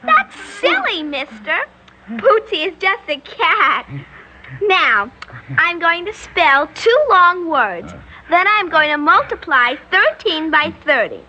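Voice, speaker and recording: An actress playing an eerie little girl, prim, sweetly polite and quietly menacing, in a radio drama. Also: very high-pitched, very animated, slow pace, a little hiss or hum, exaggerated voice, rough recording.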